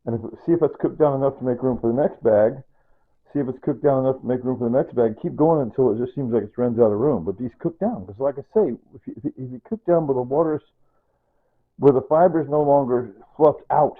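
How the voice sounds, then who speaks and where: A man's voice: medium pitch, fast, narrow, tinny audio. A man chatting loosely while cooking in his home kitchen, rambling and repeating himself as he explains each step. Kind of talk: unscripted cooking video chat.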